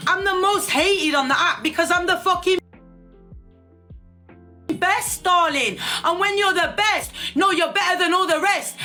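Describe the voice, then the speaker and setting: A woman's voice: extremely high pitch, bright, forceful tone. A middle-aged woman ranting on a livestream, brash and profane, calling everyone darling. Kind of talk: casual rant on a livestream.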